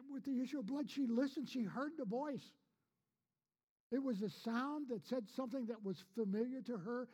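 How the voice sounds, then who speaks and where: A man's voice: extremely high pitch, darkish tone. A man preaching a sermon as pastor, folksy, with repeated rhetorical questions.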